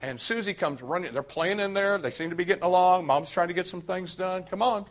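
A man preaching a sermon to young people, animated and addressing them directly. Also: high-pitched, a little fast.

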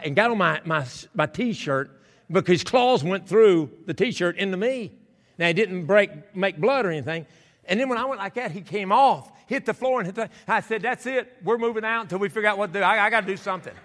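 A man preaching a sermon, telling a story and acting out the scenes with shouts and laughter, recorded in a church sanctuary. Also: sits high. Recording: church hall with long reverb.

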